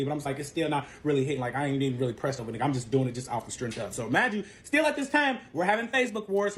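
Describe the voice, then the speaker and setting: A man with a high voice rattles through a messy personal saga at speed, swearing freely and acting out every quoted line. Faint noise sits under the recording. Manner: profane, dramatic, acts out quotes. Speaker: storyteller in a clip. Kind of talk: animated storytelling.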